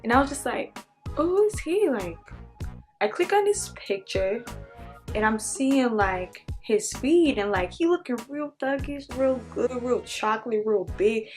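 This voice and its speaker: A young woman from Oklahoma telling a storytime vlog, animated and acting out the voices. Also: fairly high pitch, unhurried, soft background music. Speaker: vlogger.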